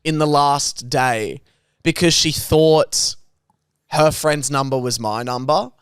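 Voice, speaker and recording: Young aussie guy on a podcast, blunt and sweary, kinda high, smooth clear voice, dead dry sound. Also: slow, a bit bright, dry recording. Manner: blunt storyteller, swears freely. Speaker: podcast co-host. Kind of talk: casual banter.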